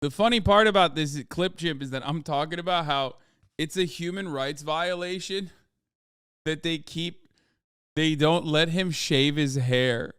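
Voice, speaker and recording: A man's voice: on the high side, unhurried, fairly bright tone, clean tone, dry recording, clean studio sound. A man hosting a livestream, giving casual commentary in a blunt, profane and heated way. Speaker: livestream host.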